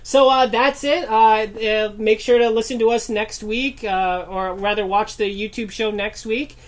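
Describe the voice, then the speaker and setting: A man's voice: sits high, steady tone, a little slow. A man co-hosting a casual chat, rambling and full of fillers. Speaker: co-host.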